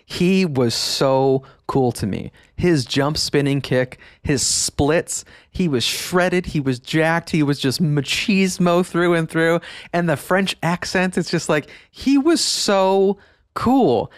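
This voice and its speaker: An enthusiastic man in his thirties hosts a nostalgia podcast, speaking with a slightly high voice and frequent laughter. The sound is dry and close, with no room around it. He leans hard on his excitement, stressing words as he goes. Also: slow pace, no room sound. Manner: enthusiastic, laughs often, emphatic. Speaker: podcast host.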